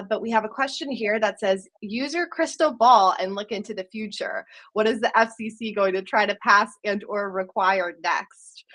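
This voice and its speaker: A woman's voice: mid-range voice, fairly bright tone, low-quality recording. Woman moderating a business webinar. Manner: fluent, organized, with occasional ums. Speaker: sales director hosting a webinar. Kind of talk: webinar presentation and Q&A.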